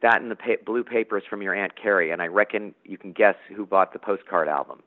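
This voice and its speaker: A man reading aloud as a brisk, matter-of-fact country mother, raising his voice for her. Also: on the low side, close to an everyday voice. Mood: fond, bossy. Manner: brisk, bossy. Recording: tinny phone-like line.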